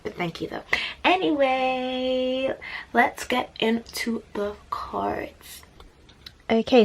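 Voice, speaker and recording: A woman's voice: mid-range voice, darkish tone. Chatty young woman doing a tarot reading. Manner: chatty, apologetic, easily distracted. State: slightly out of breath. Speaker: tarot reader. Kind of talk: casual tarot reading vlog. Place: bedroom at home, sitting on the floor.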